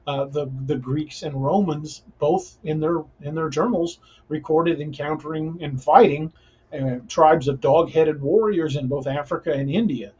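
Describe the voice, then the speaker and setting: A man's voice: on the high side, unhurried, a little mellow, husky, highs cut off. A man hosting a casual paranormal podcast, talking earnestly and restarting his sentences often. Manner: rambling, frequent restarts, earnest. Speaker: podcast host.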